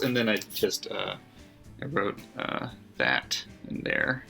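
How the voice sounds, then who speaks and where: Over faint background music, a book vlogger reads out his margin notes in a slow, sing-song way. His voice sits on the low side with vocal fry and a bright, forceful tone, and he laughs often and swears freely.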